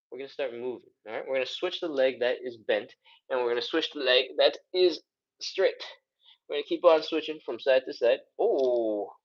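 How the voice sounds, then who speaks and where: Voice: mid-range voice, muffled recording. A fitness instructor leading a live follow-along stretching workout, counting reps and chatting between moves, out of breath. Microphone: streaming setup.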